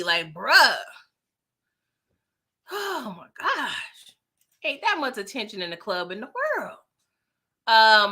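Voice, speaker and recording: A woman recapping a TV episode in a casual vlog, animated and exasperated, talking in slang and often laughing. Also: mid-range voice. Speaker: TV recap vlogger. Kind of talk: casual spoken review.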